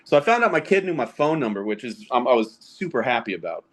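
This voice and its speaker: A man's voice: mid-range voice, big pitch swings, quick pace, fairly bright tone. A man in his thirties, a podcast guest, telling casual stories about fatherhood and gaming, laughing often as he talks. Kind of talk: casual storytelling.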